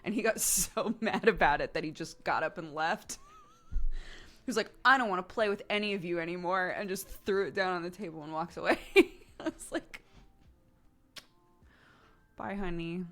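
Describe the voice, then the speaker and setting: A woman's voice: lowish voice, moderate pace, long pauses, soft background music. A woman, chatting casually on a live stream and telling family stories, laughing often and acting out other people's lines. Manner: animated storyteller, laughing often, acts out relatives' lines.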